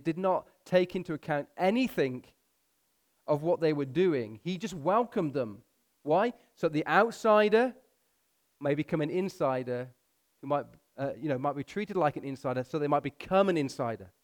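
A pastor preaching a sermon, pushing his voice up for emphasis and slowing down to read scripture. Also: high voice.

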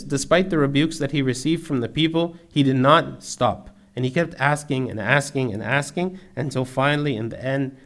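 A man preaching a sermon in an earnest, steady way, building emphasis through repetition. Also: fairly high pitch.

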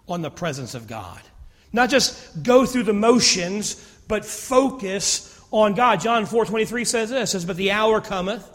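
In a high-sitting, fairly bright voice, a male pastor delivers a sermon, first reading from scripture and then putting it into everyday modern language. The setting is a church sanctuary, with the long echo of a church hall on the recording.

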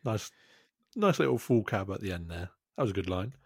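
A man's voice: lowish voice, expressive, brisk, a little mellow, slightly rough, no echo, studio quality. A man casually commenting on a skate video with a co-host, laid-back and naming tricks.

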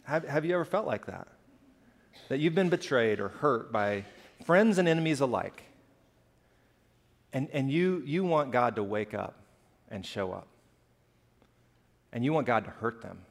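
A man gives a sermon in a church in a conversational, mid-pitched voice. He talks casually, then builds to impassioned, loud cries. A long hall reverb trails his words. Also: lively intonation, unhurried, creaky, pauses often. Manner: conversational, rising to impassioned outbursts. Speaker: pastor.

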